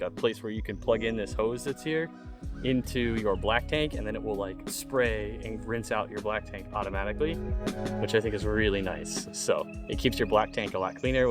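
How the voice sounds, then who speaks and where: A young man, a travel vlogger, chatting casually and relaxed at a campsite, with laughs and restarts. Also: on the low side. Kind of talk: casual chat.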